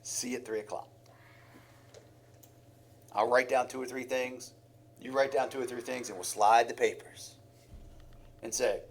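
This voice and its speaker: A man's voice: mid-range voice, steady tone, unhurried, pauses often. A man preaching a sermon in a heartfelt way, with sighs and acted-out examples.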